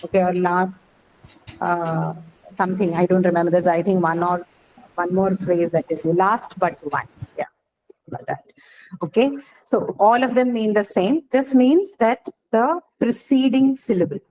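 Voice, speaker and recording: A woman's voice: lowish voice, measured pace, darkish tone, low-quality recording. A woman teacher giving a lecture, explaining step by step and often checking in with her students. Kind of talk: classroom lecture.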